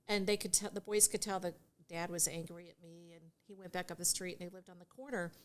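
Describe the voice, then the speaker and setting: Woman, middle-aged, podcast guest, lively storyteller, laughs a lot. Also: fairly low pitch, fast. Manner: animated storyteller who laughs often and acts out dialogue. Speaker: guest, divorce mediation attorney. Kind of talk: casual podcast chat.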